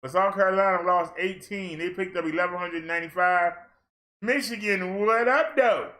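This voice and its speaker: A man's voice: high voice, fairly even intonation, moderate pace, sharp tone. A man from Maryland on a casual livestream, reading a long list of numbers and breaking in with playful asides and exclamations. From Maryland, USA. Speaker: fitness streamer. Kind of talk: casual livestream rundown of daily figures.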